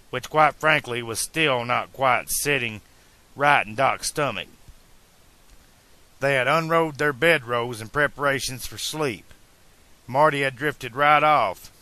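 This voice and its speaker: Slow, bright-voiced male narrator. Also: medium pitch, no echo. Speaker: audiobook narrator. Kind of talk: fan-made audiobook narration.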